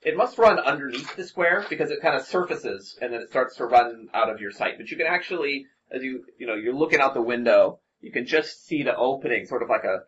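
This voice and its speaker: A man narrating as game master of a tabletop game, halting with many ums and restarts. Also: mid-range voice, expressive, fairly bright tone. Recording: dull lo-fi recording with faint hiss.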